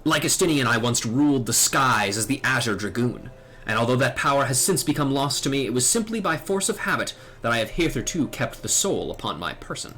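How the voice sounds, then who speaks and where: A man's voice: mid-range voice, animated, a little fast, bright, forceful tone. A man voicing a grave, formal older knight who once taught dragoons, read out from a game. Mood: solemn. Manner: formal, grave storytelling delivery.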